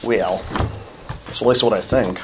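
A man's voice: on the low side, a little slow, background noise. A middle-aged man speaking at a recovery meeting, telling his own story in a conversational way, with frequent restarts and wry, self-deprecating humor. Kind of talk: personal recovery talk.

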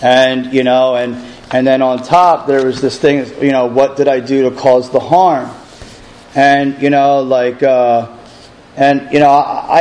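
A man's voice: medium pitch, darkish tone, low-quality recording. A man telling his own recovery story, rambling with many filler phrases and restarts. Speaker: recovery program member sharing his story. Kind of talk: personal testimony.

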